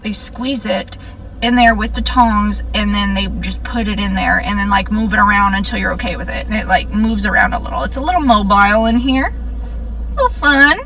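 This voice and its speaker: Chatty woman, creaky voice. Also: mid-range voice, moderate pace, fairly bright tone, slight background noise. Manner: chatty, lots of "like" fillers. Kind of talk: casual video talk. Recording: distant mic, played video clip.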